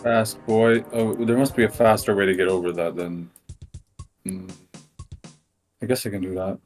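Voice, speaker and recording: A man chatting casually with a friend while they play a game together, asking quick questions. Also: lowish voice, flat delivery, soft background music. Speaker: co-player. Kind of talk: casual gameplay chat.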